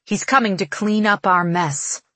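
A woman's voice: mid-range voice, a little slow, no room sound. A woman voicing a proud, sneering young noblewoman in an audiobook reading. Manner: sneering, sharp-tongued.

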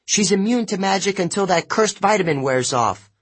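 A man's voice: high voice, expressive, moderate pace, slightly rough, voice pushed up. A man doing a shrieking, haughty sorceress. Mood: shrill. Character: shrill vain sorceress woman.

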